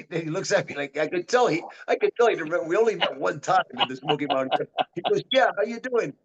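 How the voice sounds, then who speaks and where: A man who teaches martial arts, telling a story as an interview guest in an animated way, repeating and restarting his phrases. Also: fairly high pitch, quick pace, breathy edge, lo-fi sound.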